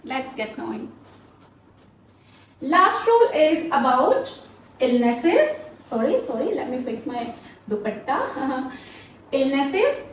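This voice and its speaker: A woman English teacher takes her grammar lesson slowly and patiently, saying words over for her students to copy. Her voice sits high, and the room gives it an echo with a light hiss underneath. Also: sing-song. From Pakistan. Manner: slow, patient, repeats words for pronunciation practice. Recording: roomy echo, faint background noise.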